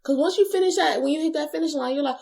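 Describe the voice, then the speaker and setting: Young woman cohost just chatting, lively and goofy, slips into little voices mid-story. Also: high-pitched, very fast, gravelly. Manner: animated, acts out little voices while telling stories. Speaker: co-host. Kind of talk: casual chat.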